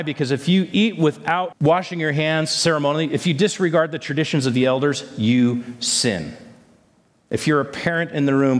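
A male pastor delivering a sermon, asking the congregation rhetorical questions and tossing in "amen?" asides. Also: a little high. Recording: long hall reverb.

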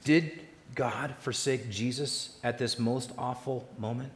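A man preaching a sermon in a mid-range voice, his words ringing through a large echoing hall with a long reverb tail. He builds loud through lists, then drops soft and slow on the points he wants to land. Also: medium pitch, fairly even intonation. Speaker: pastor.

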